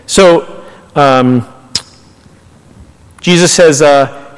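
A male pastor with a high voice delivers a lively, conversational sermon, slipping into casual paraphrases of scripture. The sound carries a long reverb from a large church hall. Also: moderate pace.

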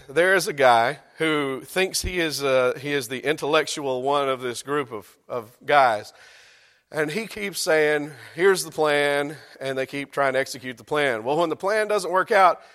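A man preaches a sermon in a church sanctuary. He keeps it conversational, dropping joking asides to his congregation. His voice sits a little high, and it rings out with the long reverb of the hall. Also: fairly bright tone. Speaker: pastor.

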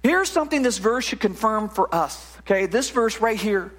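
A male pastor preaches in a lively, conversational way, often restarting his sentences and tossing in quick "right?" asides. His voice sits noticeably high for a man. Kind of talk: sermon.

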